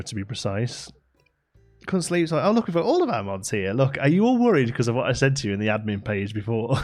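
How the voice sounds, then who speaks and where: A man hosting a live late-night game stream, chatting casually with viewers, rambling with lots of fillers and laughing often. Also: medium pitch. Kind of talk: casual chat to a live audience. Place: home streaming setup with a green screen.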